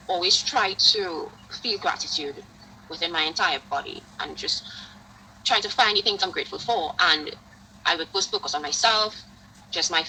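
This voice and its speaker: A woman hosting a casual interview, talking in a lively storytelling way full of "like" fillers. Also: deep voice, slight background noise, rough recording. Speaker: podcast host.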